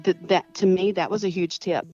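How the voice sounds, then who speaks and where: A woman's voice: fairly low pitch, fairly even intonation, normal speed, a little mellow, dull audio, faint music behind. A woman telling a story in a casual interview, rambling with restarts and acting out the dialogue she recalls. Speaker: guest, cousin of the missing woman.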